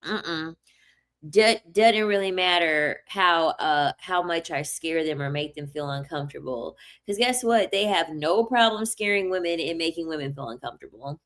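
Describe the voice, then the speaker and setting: A young woman, telling stories in a casual, animated vlog monologue, repeating herself and laughing often. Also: low-pitched, moderate pace. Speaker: vlogger.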